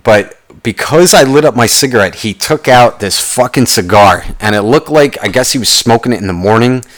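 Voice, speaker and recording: A young man ranting casually, profane and rambling, telling a story with animated quoted voices. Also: medium pitch, moderate pace. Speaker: podcast host.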